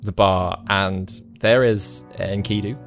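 Relaxed man running a tabletop game. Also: low voice, creaky, faint music behind. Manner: relaxed, halting narration with fillers. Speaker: game master.

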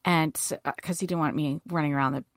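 A woman guest in a podcast interview, telling her story in an animated way and acting out quoted lines. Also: fast talker, no room sound, studio quality. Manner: animated, acts out quotes with big jumps in pitch.

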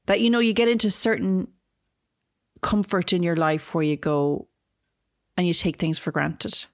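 Woman with a lively, low voice. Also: a little slow, dry recording, clean studio sound. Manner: animated, joking storyteller. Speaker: podcast co-host. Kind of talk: casual chat.

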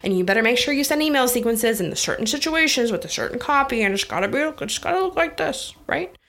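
A woman's voice: sits high, quick pace, creaky. A young adult woman business coach talking casually and energetically to her audience, calling them guys and honey. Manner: energetic, chatty, addresses listeners as guys and honey. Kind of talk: casual direct-to-camera coaching talk.

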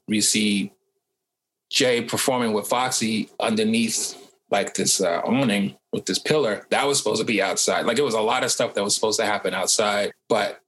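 A man's voice: on the low side, normal speed, fairly bright tone, rough recording. A man in an interview casually explaining how a music video was shot.

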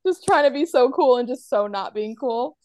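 A woman's voice: a little high, lively intonation, normal speed, a little mellow, no echo. A woman hosting a podcast quiz among friends, talking casually, laughing often and acting out quoted lines. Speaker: podcast host running a quiz. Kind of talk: casual chat between friends.

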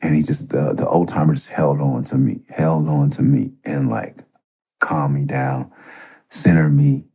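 Podcast host, middle-aged man, deep and husky, rambling and cursing through a story. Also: level tone, a little slow, warm tone. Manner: profane, rambling, conversational. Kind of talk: casual storytelling.

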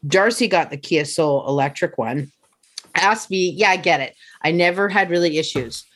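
A woman's voice: lowish voice, moderate pace, a bit bright. Woman telling a profane story. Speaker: comedian guest. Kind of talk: casual podcast chat.

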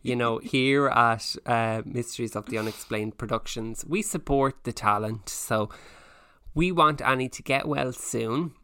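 A man co-hosting a comedy podcast, answering listener questions and teasing his co-host with deadpan jokes. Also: medium pitch, measured pace, smooth, dry recording. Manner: teasing, deadpan jokey asides.

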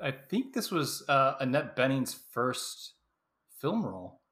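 A man co-hosting a podcast, chatting casually about a movie, quick with quips and laughs. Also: mid-range voice, big pitch swings, fairly bright tone, breathy edge. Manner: jokey, laughs often, chimes in with quips. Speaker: podcast co-host.

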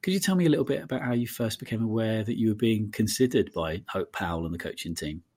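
Low-voiced male interviewer. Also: lively intonation, quick pace, a little mellow, slightly rough. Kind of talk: interview questions.

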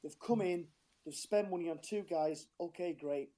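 A man's voice: high voice, moderate pace, mellow. Passionate man with a strained voice. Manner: passionate, frustrated, rambling with restarts. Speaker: caller, football fan. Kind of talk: casual phone-in chat.

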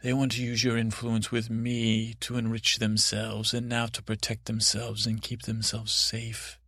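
Man voicing a proud temperamental queen, rambling, halting, gravelly voice, dry sound. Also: lowish voice, completely flat delivery, sharp tone, no room sound, exaggerated voice. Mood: commanding. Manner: rambling, halting, full of restarts.

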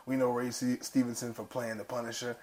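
A man co-hosting a pop-culture podcast, talking in a relaxed, rambling way and laughing often. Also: mid-range voice, a little fast. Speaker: podcast co-host. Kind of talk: casual chat.

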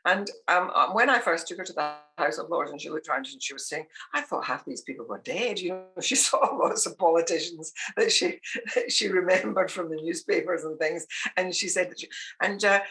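A woman's voice: on the low side, a little fast, pushed and bright. An older woman, a podcast guest telling family anecdotes with frequent laughter. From Scotland. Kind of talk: conversational interview.

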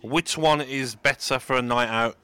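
A man's voice: mid-range voice, moderate pace, bright, forceful tone, smooth, dry recording. A man co-hosting a podcast in casual chat, teasing and bantering with his co-host.

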